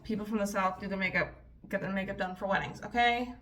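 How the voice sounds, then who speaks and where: This beauty vlogger, in her twenties, tells profane, chatty stories as she applies makeup, sitting a bit back from the microphone. She talks quickly in a steady, medium-pitched and fairly bright voice.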